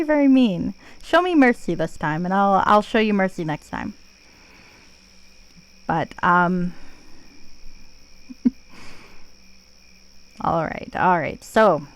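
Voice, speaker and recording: A woman streaming a video game, chatting casually in a playful, joking way and swearing freely. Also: medium pitch. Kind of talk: casual gameplay commentary.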